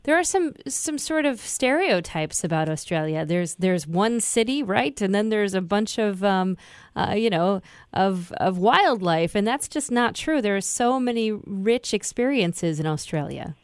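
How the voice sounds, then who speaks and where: A woman's voice: medium pitch, animated, unhurried, clear, resonant tone, no echo, clean studio sound. A woman hosting a talk radio show, upbeat and conversational as she introduces segments and questions a guest. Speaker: radio host. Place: radio studio.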